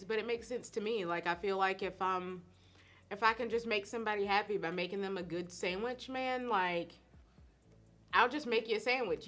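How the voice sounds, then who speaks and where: A middle-aged woman, chatting casually on a live stream as a host and cook, animated and laughing often. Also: medium pitch. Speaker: host and cook answering viewer questions.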